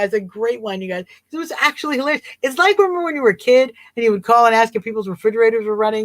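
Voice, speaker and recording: A woman's voice: a little high, fast talker, fairly bright tone, no room sound. A woman hosting a casual livestream talk show, chatty and amused, rambling and repeating herself. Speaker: host.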